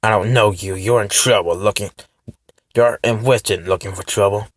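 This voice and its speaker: A gruff, suspicious street informant, as a man reading aloud puts him on, dropped low and warning. The voice is dry and close, recorded in a car. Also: moderate pace, no echo, close to an everyday voice. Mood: menacing. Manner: growling, warning. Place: parked car.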